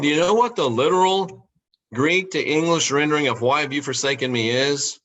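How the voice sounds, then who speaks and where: A man delivers a podcast monologue in a slightly high, sharp, forceful voice. He builds his case with rhetorical questions, repeats key phrases, and slows right down to lean on the words he wants to stress. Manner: rhetorical questions, emphatic repetition. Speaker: podcast host. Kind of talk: monologue on scripture.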